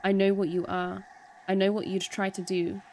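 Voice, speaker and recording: A woman reading the lines of a wary young woman warrior in a low, grave voice. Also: level tone, normal speed, a little mellow, slight background noise, lightly acted. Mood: grave warning.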